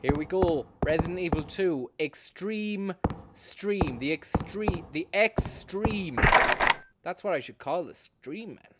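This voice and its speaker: A man's voice: on the high side, normal speed, few pauses, heavy background noise. A man streaming a game, joking, swearing and talking to his chat. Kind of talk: casual live-stream commentary. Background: loud music.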